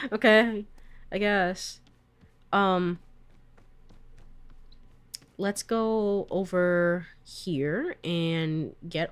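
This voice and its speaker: Chatty woman streaming a game. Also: mid-range voice. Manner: chatty, laughs often, trails off. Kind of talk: casual let's-play commentary.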